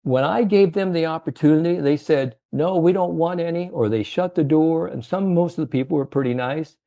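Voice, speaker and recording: A man's voice: on the high side, a little fast, vocal fry, mellow, pitched above the performer's own voice. A man voicing a homespun eighty-six-year-old male door-to-door salesman with plainspoken pride. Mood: earnest.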